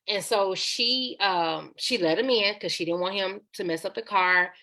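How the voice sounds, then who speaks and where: Gravelly bright-voiced woman telling her story. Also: mid-range voice, normal speed. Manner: candid, conversational, slips into acted quotes. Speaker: podcast guest. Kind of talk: personal storytelling interview.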